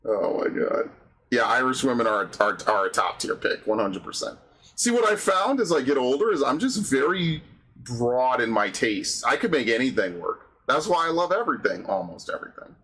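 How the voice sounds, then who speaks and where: A man's voice: mid-range voice, sing-song, normal speed, sharp tone, breathy edge, rough recording. A young man hosting a casual game stream with a mid-range voice. He rants freely and crudely, swearing often. His banter is loose and unpolished. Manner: crude, profane, ranting banter. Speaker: streamer host.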